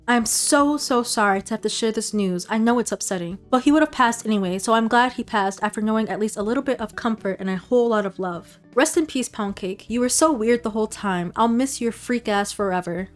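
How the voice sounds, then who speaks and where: Casual woman reading posts over music. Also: a little high. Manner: casual, conversational, reads posts aloud with asides. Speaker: commentary YouTuber. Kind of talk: reading and commenting on online posts.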